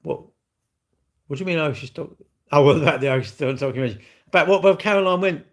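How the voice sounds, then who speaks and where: A man's voice: mid-range voice, animated, fast talker. A man chatting casually on a live stream, blunt and cheeky, rambling and answering his chat.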